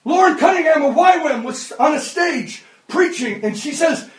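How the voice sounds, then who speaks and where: A man in his fifties preaching a sermon, impassioned and often shouting. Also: extremely high pitch, lively intonation, moderate pace, hardly any pauses. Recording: echoey hall, distant mic.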